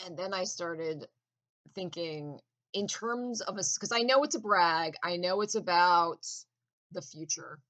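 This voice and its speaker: A woman's voice: on the low side, expressive, unhurried, a bit bright, low-quality recording. A woman in a casual, profane, intense rant with laughing asides.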